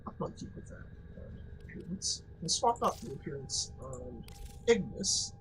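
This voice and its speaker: A man's voice: on the high side, big pitch swings, moderate pace, background noise. A man giving casual, rambling let's-play commentary, joking, laughing and swearing now and then. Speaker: gaming commentator.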